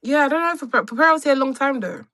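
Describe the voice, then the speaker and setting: A woman's voice: high voice, lively intonation, fast, bright, forceful tone, dry recording, studio quality. A woman guest in a casual chat, playful and teasing.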